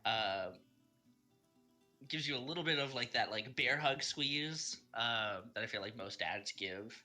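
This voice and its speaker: A man's voice: mid-range voice, animated, unhurried, pushed and bright, soft background music. A man narrating as game master, hesitant with many ums.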